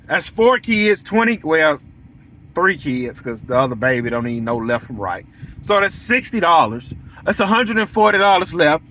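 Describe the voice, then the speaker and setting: Young guy preaching about running a lawn business, high bright voice, keeps repeating himself, blunt as anything. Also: big pitch swings, normal speed. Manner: preachy, repetitive, blunt, acts out quoted lines. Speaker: lawn care business owner. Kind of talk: casual monologue to the audience.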